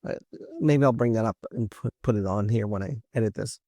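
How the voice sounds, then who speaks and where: A man's voice: on the low side, brisk, dark tone, no room sound, studio quality. A man giving casual reaction commentary as a genealogy host, thinking aloud with many restarts. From Canada.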